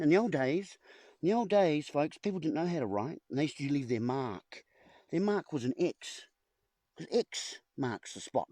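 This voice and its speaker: This video host, recording at home with a whiteboard and a camera in front of him, gives a meandering, pun-filled monologue and calls his viewers "folks." His voice leans high and a touch mellow, captured dry at studio quality.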